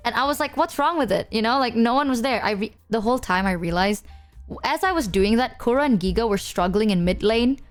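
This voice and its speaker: A woman's voice: a little high, animated, a little fast, soft background music. A young adult woman streamer rambling through game stories with slang and swearing. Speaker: VTuber streamer. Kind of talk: casual storytelling about games.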